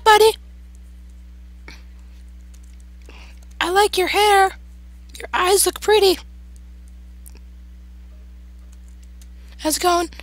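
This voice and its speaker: A man putting on a shrill falsetto to play a cheeky, mock-friendly taunter with a teasing sing-song manner. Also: fairly bright tone, no echo.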